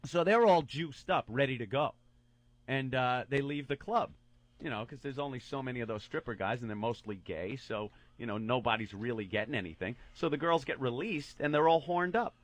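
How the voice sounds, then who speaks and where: Medium in pitch and normal in speed, a male radio co-host chats casually into a studio mic. He tells a crude story with lots of animation, performing the quoted lines.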